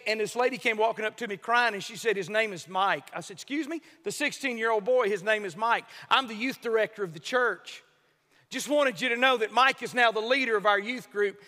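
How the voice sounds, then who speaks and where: A man preaching a sermon, telling a story with loud emphatic peaks. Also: high voice. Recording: long reverb of a large hall.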